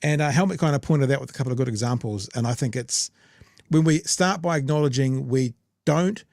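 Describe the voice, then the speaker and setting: A man's voice: mid-range voice, brisk, creaky, a little mellow, no echo. Brief: New man, podcast host, emphatic conversational delivery, dry close sound. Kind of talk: casual chat.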